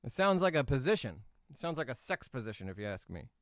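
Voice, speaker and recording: A man's voice: medium pitch, big pitch swings, fast, no room sound, studio quality, lightly acted. A man doing a comedic impression of a cocky, boastful male drama-news YouTuber who rambles and keeps asking "all right?". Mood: brash boasting.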